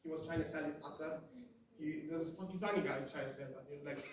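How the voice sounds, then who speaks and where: In an echoey live comedy room, with the mic somewhat distant, a young South African comedian in his 20s performs his first stand-up set. He speaks at a racing pace in a fairly high voice, loose and chatty as he addresses the audience.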